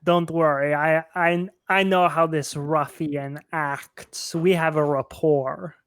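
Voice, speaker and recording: A man's voice: fairly high pitch, fairly even intonation, slow, fairly bright tone, clean tone, dry recording, studio quality. A man playing a cocky boastful adventurer. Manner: cocky, showy. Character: brash boastful male adventurer. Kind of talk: in-character tabletop role-play.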